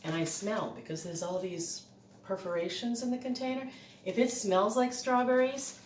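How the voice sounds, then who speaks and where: A woman's voice: mid-range voice, moderate pace, reverberant, slight background noise. Chatty breathless woman in a kitchen. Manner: chatty, rambling, laughs often. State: a little breathless. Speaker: cooking vlogger. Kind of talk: casual home cooking demo. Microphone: phone camera.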